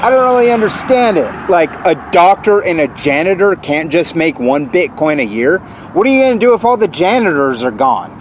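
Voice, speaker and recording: A man in his forties with a high-pitched voice, venting a repetitive, accusing rant. He keeps hammering the same lines and keeps pushing himself louder. Loud traffic noise rumbles behind him outdoors. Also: big pitch swings, moderate pace, hardly any pauses. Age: 40s. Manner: repetitive, accusing, escalating into shouted outbursts. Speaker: vlogger. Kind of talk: angry rant to camera.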